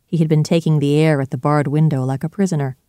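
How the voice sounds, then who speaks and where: A calm storybook narrator reads with a steady, measured delivery. The voice is mellow and warm, recorded close and dry. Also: mid-range voice, clean tone, no room sound.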